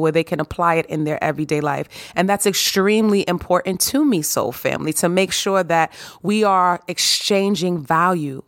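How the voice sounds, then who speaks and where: A woman hosting her own podcast, hoarse and raspy from a sore throat, talking straight to her listeners in a sassy, preachy motivational monologue. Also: lowish voice, no echo, clean studio sound. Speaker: podcast host.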